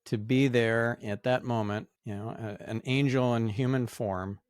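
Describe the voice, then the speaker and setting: A man hosting a podcast, speaking in a reflective, measured way as he responds to his guest. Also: mid-range voice, fairly even intonation, no echo, clean studio sound. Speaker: podcast host. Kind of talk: interview conversation.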